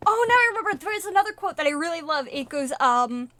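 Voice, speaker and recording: A woman streaming a video game, chatting casually and retelling things in a rambling, animated way with fillers and swearing. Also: very high voice, fast, few pauses. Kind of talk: casual live-stream chatter while gaming.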